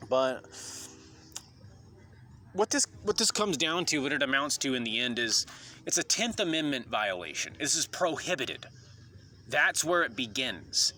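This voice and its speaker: A man's voice: mid-range voice, very animated, a little slow, long pauses, bright, forceful tone, a little hiss or hum. A man delivering an indignant, rambling monologue to camera about constitutional rights, full of ums and uhs. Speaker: video commentator.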